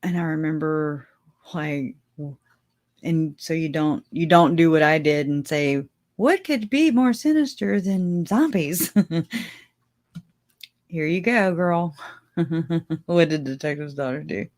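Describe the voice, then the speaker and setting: A woman with a deep, darkish voice hosts a casual livestream, speaking slowly and steadily with long pauses. She rambles in a chatty way, laughs often, and addresses her viewers directly.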